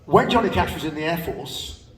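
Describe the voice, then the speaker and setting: An older man with a fairly high, expressive voice and a fairly bright tone tells anecdotes at a moderate pace, chatting, laughing and swearing casually at a live spoken-word show. He's on a large theater stage, picked up from a distance by an audience recording in a reverberant hall.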